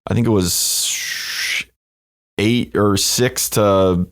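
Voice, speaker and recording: An easygoing man with a lower voice, a guest on a casual podcast. He talks through his story in a conversational way, with plenty of fillers. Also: fairly even intonation, extremely slow, a bit bright. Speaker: podcast guest, company co-founder.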